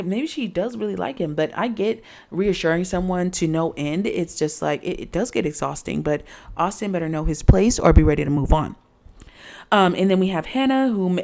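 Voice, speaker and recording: A woman's voice: on the low side, warm tone. A woman recapping a reality dating show in a chatty, sassy way, with lots of fillers and asides to viewers.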